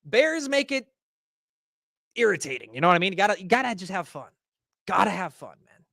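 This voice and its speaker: A man's voice: high-pitched, very animated, brisk, vocal fry, sharp tone, dry recording, studio quality. A man hosting a livestream, ranting casually and profanely to his chat in slangy talk. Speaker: host. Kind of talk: livestream market rant.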